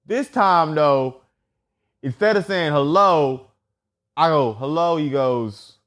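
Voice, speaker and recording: A man's voice: on the high side, lively intonation, slow, fairly bright tone. A man hosting a solo podcast, telling profane comedic stories with lots of filler and repetition. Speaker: podcast host.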